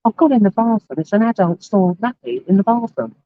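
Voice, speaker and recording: A woman's voice: medium pitch, expressive, fairly quick, a little hiss or hum. A woman chatting casually and telling stories outdoors, swearing freely as she talks. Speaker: livestreamer chatting with passers-by. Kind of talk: casual street chat. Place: outdoors near a court building. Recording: tinny, dry phone audio.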